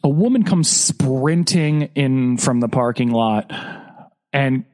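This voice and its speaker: A man co-hosting a podcast, telling a story in a lively way, acting out quotes and laughing often. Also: mid-range voice, slow. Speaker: podcast co-host. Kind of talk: casual podcast chat and storytelling.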